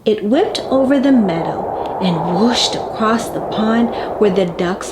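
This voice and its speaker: Animated woman reading a picture book aloud. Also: medium pitch, takes it slowly, heavy background noise. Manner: expressive, playful reading with animal noises. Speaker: children's story time host.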